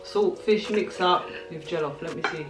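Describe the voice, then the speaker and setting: A woman's voice: on the low side, normal speed, far from the mic. A middle-aged woman, the host's mother, chatting casually over food with dry, mild remarks. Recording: roomy, off-mic with loud music.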